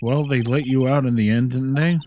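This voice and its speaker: A man's voice: mid-range voice, steady tone, moderate pace, mellow. A man streaming a game, reading the hero's lines aloud in a dry, matter-of-fact way. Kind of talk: casual game voice-over.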